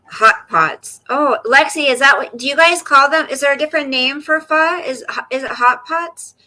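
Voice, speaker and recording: A woman's voice: high-pitched, normal speed, pushed and bright, rough recording. A woman hosting a casual livestream, chatting with viewers about her day and cooing at her dog in baby talk. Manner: reads and answers viewer comments aloud. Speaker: livestream host.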